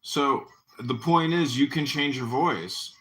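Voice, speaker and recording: A man hosts a casual podcast chat, teasing his co-hosts and setting them little challenges. His voice is bright and sits at a middle pitch. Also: slow. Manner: teasing, directing others into voice games.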